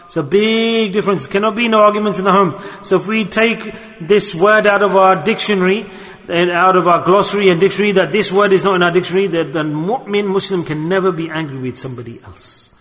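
Fast, high-voiced preacher in a hall. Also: male voice, a bit bright. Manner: rapid, emphatic, asks the audience rhetorical questions. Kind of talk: sermon on a hadith. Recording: long hall reverb.

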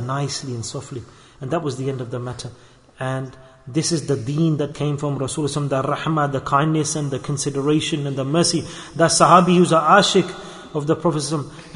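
A man telling a story as a sermon, passionate and rising to anguished pleas, then dropping to soft, hushed asides. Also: fairly high pitch, big-room sound. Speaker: preacher.

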